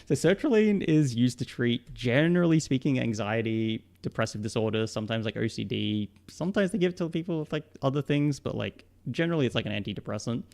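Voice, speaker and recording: A man's voice: mid-range voice, fairly quick, gravelly, hardly any pauses, a little mellow. A young man with a mixed Australian and British accent, a psychologist answering questions on a casual live stream, rambling with lots of fillers and laughing often.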